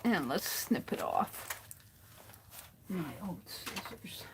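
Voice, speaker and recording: A woman with a lowish, animated voice hosts a casual crafting livestream, unhurriedly muttering to herself as she works. She drifts away from the mic now and then, and the audio is very noisy.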